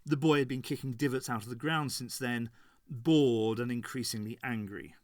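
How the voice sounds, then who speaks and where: Male audiobook narrator, mid-pitched, measured, dry studio-close sound. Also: fairly even intonation, a little mellow, no echo. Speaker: audiobook reader. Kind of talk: scripted narration.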